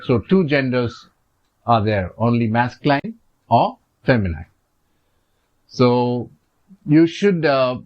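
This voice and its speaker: A man with an Indian English accent works through a French grammar lesson at a steady, middling pitch. He is patient, repeats each point and fills pauses with "uh" and "so". The recording sounds a little dull and lo-fi. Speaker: French teacher. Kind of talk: explaining grammar over slides.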